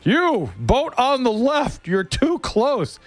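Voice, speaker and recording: Man putting on a high shrill beach yeller, angry, yelling, swooping pitch. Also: very animated, slow pace, no echo, exaggerated voice.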